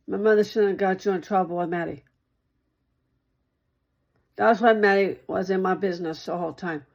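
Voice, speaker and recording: A woman's voice: on the low side, gravelly, a little mellow, highs cut off. A woman talking straight to one listener in a rambling monologue, repeating herself and circling back over the same points.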